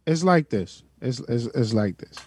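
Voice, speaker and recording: A man in casual chat, animated and playful, repeating himself, with a husky voice. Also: medium pitch, a little slow, dry recording.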